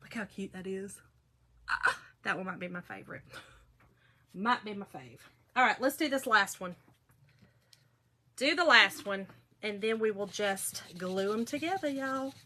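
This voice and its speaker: With a mid-range voice, a sharp tone, and an unhurried delivery full of pauses, a middle-aged craft video host chats while crafting. She tells chatty, gossipy stories and addresses her viewers directly.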